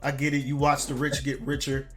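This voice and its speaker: A man hosting a gaming podcast, chatting casually and telling animated, profane stories in which he loudly imitates other people. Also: medium pitch, brisk, faint music behind. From Detroit area. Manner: animated storyteller, swearing, loudly imitating callers. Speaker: podcast host. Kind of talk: casual chat.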